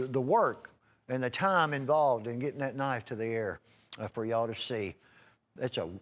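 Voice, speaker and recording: Home-shopping host, man, drawl, chatty and rambling, mid-range voice. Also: medium pitch. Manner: folksy, rambling, frequent "uh" and restarts, addresses "folks". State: clearing his throat now and then. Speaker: TV shopping host selling knives. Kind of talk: live home-shopping sales pitch.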